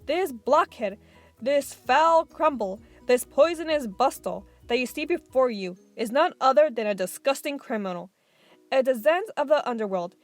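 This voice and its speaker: A woman's voice: on the high side, animated, normal speed, soft background music, natural voice. A woman voicing a bellowing, tyrannical female headmistress in an audiobook reading, hurling harsh insults. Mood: ranting.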